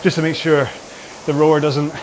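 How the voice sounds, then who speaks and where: A man's voice: a little high, little pitch movement, moderate pace, noisy background. A man hosting a rowing workout from his home garage, chatting casually in a rambling, jokey and self-deprecating way during the cool-down.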